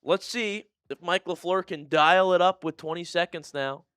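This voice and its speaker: Over soft background music, a male fan streamer with a smooth, resonant voice does excitable live play-by-play, lapsing into low, disgusted muttering between shouted calls. The sound is dry and close with no echo, and he talks at a normal speed.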